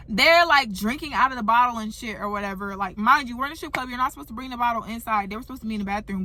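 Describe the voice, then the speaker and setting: A young woman telling a storytime vlog, animated and profane, talking straight to her viewers. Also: a little high. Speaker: vlogger. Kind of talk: storytime monologue.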